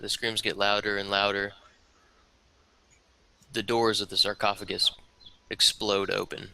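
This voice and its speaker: Male dungeon master, low gravelly voice with a bright edge, halting delivery full of ums. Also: little pitch movement, background noise. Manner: hesitant, many ums and uhs. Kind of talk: narrating a tabletop game.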